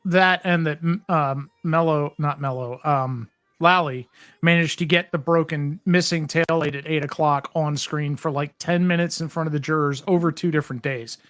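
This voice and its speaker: A man talks through a casual livestream with wry, mocking asides. His voice sits a little high for a man. The sound is dry and close, with no room echo. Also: fairly even intonation, normal speed, a bit bright, soft background music. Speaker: co-host.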